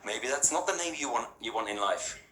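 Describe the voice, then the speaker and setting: A medium-pitched, animated voice, bright and forceful, comes from a spiritual speaker talking fairly quickly to an audience in a hall. He keeps things conversational, throws out rhetorical questions, and often checks in with "yeah?" and "right?". The echoey room has faint ambience and a little hiss or hum.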